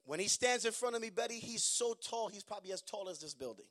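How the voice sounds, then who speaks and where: A preacher with a Haitian accent sets a high-pitched male voice against a congregation. He tells his stories in a relaxed, conversational way, then breaks into shouted emphasis. He delivers it as a sermon. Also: quick pace. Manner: switches between calm storytelling and shouted emphasis.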